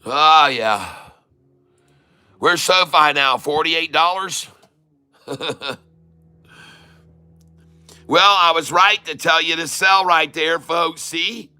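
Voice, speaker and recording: A man's voice: fairly high pitch, very slow, long pauses, pushed and bright, clear, resonant tone. A middle-aged man giving casual livestream stock commentary as a day-trading streamer, emphatic and repetitive, often laughing and calling his viewers folks.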